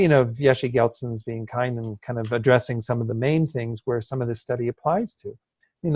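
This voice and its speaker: A man of ordinary pitch leads a class over a video call, talking in a relaxed, explanatory way, pausing on fillers and chuckling now and then. His voice sounds close and dry, with no room around it. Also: no room sound. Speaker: Buddhist study teacher. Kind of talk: online class lecture.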